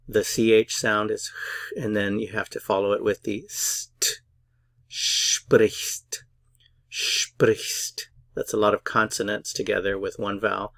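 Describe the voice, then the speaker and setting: A man's voice: on the low side, gravelly, no echo. A man teaching a beginner German lesson, patiently drilling words syllable by syllable. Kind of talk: slow, careful pronunciation lesson.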